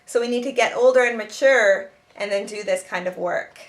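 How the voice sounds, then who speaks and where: A woman who teaches self-help and writes children's books offers spoken advice in a mid-range voice at normal speed. She sounds earnest and restarts her sentences many times.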